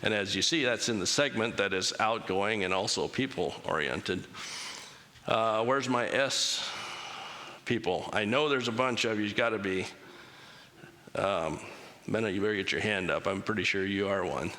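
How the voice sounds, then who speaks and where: In a chapel with long reverb, a church speaker with a fairly low voice and sharp tone talks at a moderate pace. His interactive talk is relaxed and full of jokes, and he invites the congregation to put their hands up.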